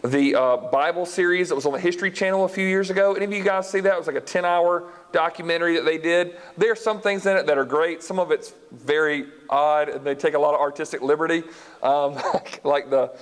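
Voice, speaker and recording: A man teaching a live Bible lesson in an animated way, quizzing his audience and reading scripture aloud. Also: on the high side. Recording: long hall reverb.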